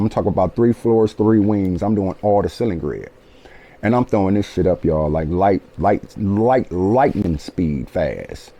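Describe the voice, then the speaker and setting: A man in his late forties spins a personal story, animated and loose with profanity. He keeps checking in with his listeners. His voice sits low and mellow, with a dark, relaxed tone. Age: 40s. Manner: animated, profane, keeps asking "you feel me". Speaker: author telling his life story. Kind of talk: casual storytelling.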